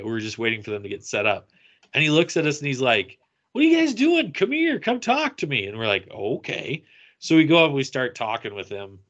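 A man chatting on a podcast, spinning a story and jumping into the voices of the people in it. His tone is bright and forceful, and the recording sounds a little dull and lo-fi. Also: medium pitch. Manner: animated, acts out quoted lines. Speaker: podcast co-host. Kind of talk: casual storytelling.

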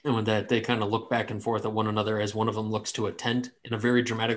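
A man's voice: lowish voice, completely flat delivery, fast, hardly any pauses. A man narrating a tabletop game as game master in a casual, rambling way with many fillers.

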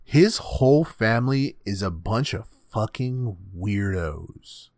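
A man's voice: on the low side, lively intonation, takes it slowly, a little mellow, no echo, clean studio sound. Joking, profane man in casual chat. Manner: profane, joking, acts out scenes in silly voices. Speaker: podcast co-host. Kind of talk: casual anime recap chat.

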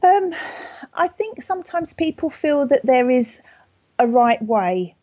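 Soft-spoken British woman, gentle celebrant. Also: sits high, sing-song, slow pace, slightly rough, no echo, muffled recording. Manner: gentle, thoughtful, many ums and restarts. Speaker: funeral celebrant. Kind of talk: conversational podcast interview.

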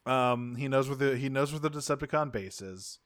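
Male podcast co-host, smooth crisp voice, dry close sound, casual and sweary. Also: medium pitch, a little fast, a bit bright, dry recording. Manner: loose, swears often, laughs while talking. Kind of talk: casual recap chat.

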